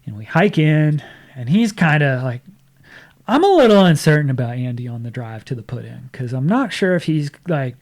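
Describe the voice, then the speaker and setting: A man's voice: a little high, normal speed. Man telling a story with frequent laughs. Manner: lively anecdote-telling, quoting others, laughs often. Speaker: podcast guest. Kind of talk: casual storytelling.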